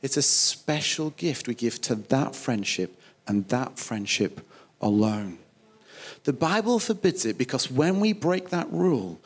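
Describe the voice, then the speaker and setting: A man preaching a sermon, emphatic and conversational, acting out little quoted dialogues. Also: medium pitch. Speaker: pastor.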